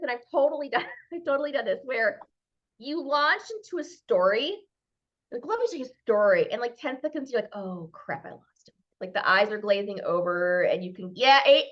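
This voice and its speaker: Woman, Minnesota accent, high bright voice, very animated pitch, playful speaker on a muffled video call. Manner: lively, playful, acts out little dialogues. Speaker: guest speaker.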